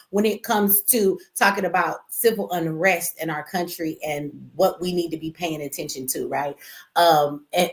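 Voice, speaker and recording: Brash, teasing American woman livestreaming. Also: on the low side. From United States. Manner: brash, profane and teasing, laughs often. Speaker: livestream host. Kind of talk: casual livestream talk to chat.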